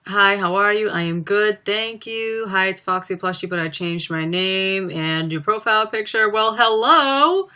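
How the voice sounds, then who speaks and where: A woman's voice: medium pitch, steady tone, normal speed, few pauses, bright, forceful tone, clear, resonant tone. A young woman chatting casually on a livestream, reading viewer comments aloud with plenty of ums. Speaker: livestreaming singer.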